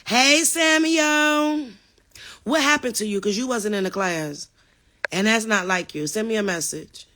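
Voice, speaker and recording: A woman with a mid-range voice hosts a casual live Q&A at a moderate pace, reading chat comments and answering viewer questions. She's animated and emphatic, calling her viewers "y'all."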